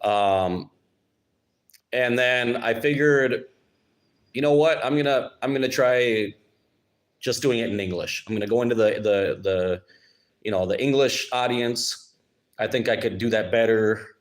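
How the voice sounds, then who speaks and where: Rambling man chatting live. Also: mid-range voice. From Minnesota, United States. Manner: rambling, halting, with many restarts and sarcastic asides. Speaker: YouTube channel host. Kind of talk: casual live-stream chat.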